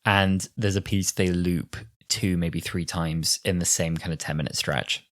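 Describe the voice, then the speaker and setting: A man's voice: sits low, fairly even intonation, measured pace. A man in his twenties co-hosting a casual podcast, opinionated and wry, often mimicking lines. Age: 20s. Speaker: podcast co-host.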